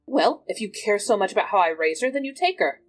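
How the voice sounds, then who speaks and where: A woman's voice: medium pitch, very animated, fast, soft background music, voice pushed up. A woman voicing a weary, protective male guardian in a tabletop game, stubborn and defiant. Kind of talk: tabletop role-play voice.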